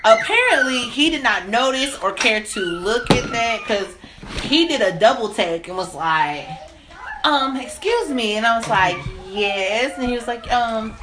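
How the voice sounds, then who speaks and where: Woman, 20s, casual co-host chat, high lively voice, acts out quotes, background hiss. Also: a little slow. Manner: animated storytelling, acts out quotes with big pitch jumps.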